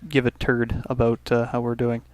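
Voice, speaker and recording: A man's voice: medium pitch, flat delivery, moderate pace, a little mellow, no echo. A man from Canada hosting a let's play, casually thinking aloud through his turns with restarts and little asides. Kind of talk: casual gameplay commentary.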